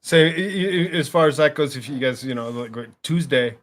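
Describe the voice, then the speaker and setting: Halting, easygoing man chatting. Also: fairly high pitch. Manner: halting, stammering restarts. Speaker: stream guest. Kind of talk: casual chat.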